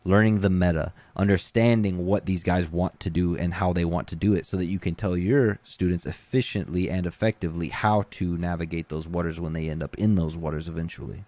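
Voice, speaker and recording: Low-voiced laid-back coach, dry sound. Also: male voice, dry recording. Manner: relaxed, conversational, many fillers like "you know". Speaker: jiu-jitsu coach, guest. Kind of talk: casual interview talk.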